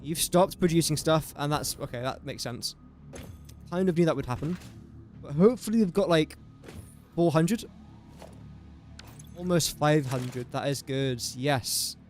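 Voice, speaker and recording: Guy chatting through his game stream, kinda high voice, wanders off topic a lot. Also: unhurried, long pauses, a little mellow, faint music behind. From England. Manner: rambling self-talk, easily sidetracked. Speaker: gaming streamer. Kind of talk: casual gameplay commentary.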